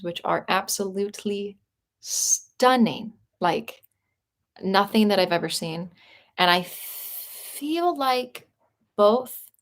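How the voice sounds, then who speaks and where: Young woman, live-stream vlogger, chatty and upbeat, slightly sore throat, lots of fillers. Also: mid-range voice. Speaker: vlogger answering live chat. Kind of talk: casual live-stream chat.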